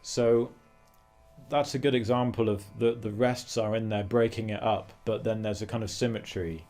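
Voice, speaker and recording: Guy teaching guitar, lowish voice, talks it through and scats the rhythms, faint guitar behind. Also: fairly even intonation, moderate pace, a little mellow. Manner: sings rhythms in syllables between explanations; thinking aloud with fillers and restarts. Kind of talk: relaxed explanatory guitar lesson. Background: guitar playing.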